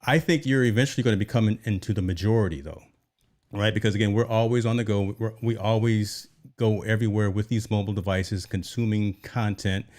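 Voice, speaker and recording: Chatty tech show host, low-voiced man. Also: steady tone, fairly quick, darkish tone. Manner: conversational, explains with repeated "right?". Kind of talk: casual tech chat.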